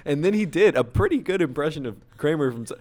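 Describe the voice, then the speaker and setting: A man co-hosting a podcast, telling a short story in a relaxed, dry way. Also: fairly high pitch, fast. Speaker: podcast co-host. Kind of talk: casual chat.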